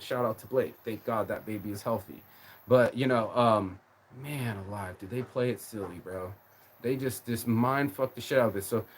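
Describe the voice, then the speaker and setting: A man's voice: medium pitch, a little hiss or hum. A man ranting on a live stream in a rambling, emotional way, swearing often and repeating his words. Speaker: livestreamer. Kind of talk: casual rant on a live stream.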